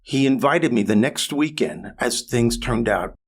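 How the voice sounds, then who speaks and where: A comedian and motivational speaker in his sixties tells a story as a podcast interview guest. His mid-range voice is husky, and he's animated, building up to louder, faster peaks.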